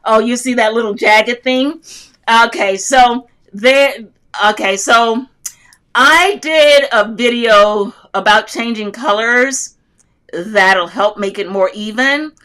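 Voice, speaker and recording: A woman's voice: on the high side, slow pace, bright, forceful tone. An older woman hosting a casual live chat about loom knitting, speaking in a heartfelt, rambling, inspirational way from an airport and reading viewer comments aloud. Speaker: livestream host answering loom knitting questions.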